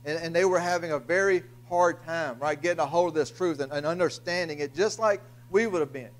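Pastor, slightly raised pitch, halting sermon delivery with restarts and fillers. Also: male voice. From Louisiana, US. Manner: halting, repeats words, frequent uh fillers. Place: church sanctuary.

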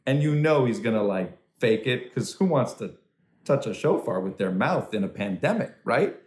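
Male stand-up comic performing from home over a video call, lively delivery, roomy echo. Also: normal speed. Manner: animated, swoops into high voices for quoted people. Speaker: stand-up comedian. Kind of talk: stand-up comedy set for a virtual charity dinner.

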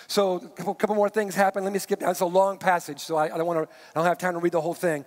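A man preaching a sermon as pastor, reading scripture and breaking off into conversational asides with quick restarts. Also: high voice, level tone. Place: church sanctuary. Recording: long reverb of a large hall.

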